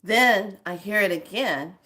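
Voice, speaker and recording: A woman who teaches spirituality, telling a story casually in a drawn-out way, full of filler phrases. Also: medium pitch, bright, forceful tone.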